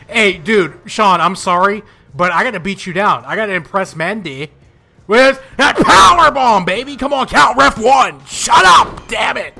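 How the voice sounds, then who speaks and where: A young man talking over a wrestling video game he is playing, mixing loud trash talk and outbursts with mumbled asides. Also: high-pitched, expressive, a little slow, creaky, slightly rough. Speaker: gaming YouTuber.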